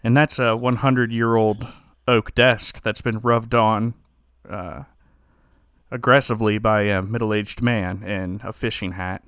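A man's voice: fairly low pitch, steady tone, a little slow, fairly bright tone, clean tone, dry recording, studio quality. A man hosting a podcast, casually recapping an episode in a rambling, joking way with many restarts. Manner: rambling, joking, self-correcting. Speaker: podcast host.

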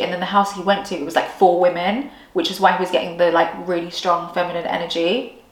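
A woman's voice: on the low side, a little fast. Chatty woman, roomy echo. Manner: excitable, storytelling, lots of "like". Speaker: podcast co-host. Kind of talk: casual chat.

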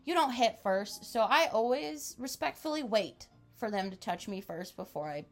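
Faint music sits behind this woman's slightly high voice, which moves at normal speed. A podcast co-host in her twenties, she tells a wild story in casual talk, laughing often and animatedly acting out quotes.

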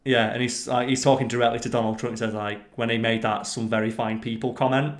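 A man chatting casually on a podcast, telling stories in an animated way and swearing freely. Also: medium pitch, fast. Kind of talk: casual chat. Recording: roomy echo.

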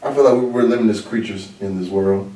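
A man hosting a podcast in casual chat, blunt and animated, talking in quick bursts. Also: lowish voice, recorded from a distance. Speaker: podcast host. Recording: roomy echo, mic set back.

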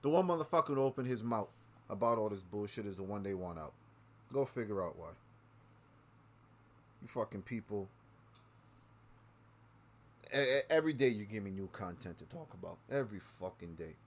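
A man's voice: expressive, moderate pace, long pauses. A man hosting his own show, ranting angrily with constant swearing and repeating lines for emphasis. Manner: swings between low mutters and loud outbursts. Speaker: podcast host. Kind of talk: profane political rant.

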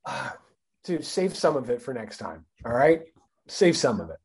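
A man co-hosting a comedy podcast, talking in a husky, slightly rough voice. He chats casually and makes jokes, often dropping into quick put-on voices to act out little scenes. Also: mid-range voice. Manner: joking, animated, quick bits of put-on voices. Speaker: podcast co-host.

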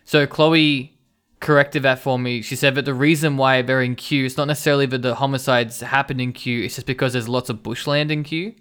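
A man's voice: mid-range voice, steady tone, fairly quick, fairly bright tone, clean tone. A young man co-hosting a podcast, casually arguing the other side. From Australia. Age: young adult. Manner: contrarian, playing devil's advocate. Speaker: podcast co-host. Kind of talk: casual chat.

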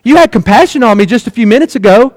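A man's voice: very high-pitched, lively intonation, fast, no room sound. A man voicing a shocked male servant protesting to his king. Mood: indignant. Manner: indignant protesting.

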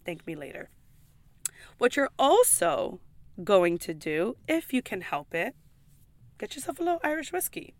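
A woman's voice: on the high side, sing-song, measured pace, long pauses, a little mellow, dry recording. Woman, pub server, casual vlog; chatty and emphatic, swears, dry close sound. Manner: frequent "like" and "okay?" asides.

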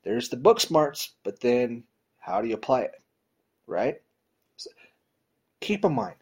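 This male preacher gives an informal, conversational sermon aimed straight at his audience, frequently adding "you know" and "right?". His slightly rough voice makes big, emphatic swings in pitch and loudness, at a measured pace with long pauses.

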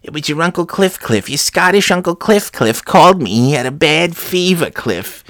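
A man's voice: a little high, very animated, normal speed, a bit bright, no room sound, clean studio sound. A man voicing a fussy relative who nags the listener to call his uncle, repeating the name over and over. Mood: nagging.

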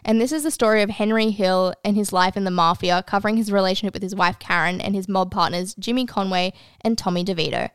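Female podcast co-host, mid-pitch, smooth clear voice, dry close sound. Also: fast, hardly any pauses, no echo. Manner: reads credits then asks questions. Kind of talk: casual chat.

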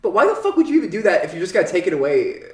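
Animated man ranting, off-mic and echoey. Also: sits high, racing, distant mic. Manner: animated, scornful, swears a lot. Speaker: film reviewer. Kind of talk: casual profane movie rant.

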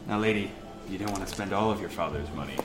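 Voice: low-pitched, fast. A player at a tabletop game, joking with the table. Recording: roomy echo with music behind.

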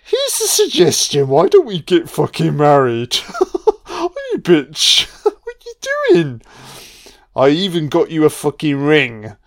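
A man's voice: fairly high pitch, huge pitch swings, slow, heavily acted. A man voicing a masked male slasher killer who taunts and swears crudely. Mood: mocking glee.

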